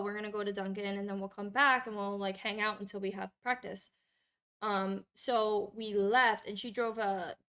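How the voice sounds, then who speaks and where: A young adult woman streamer telling a long personal story in casual, profane, animated chat. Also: medium pitch.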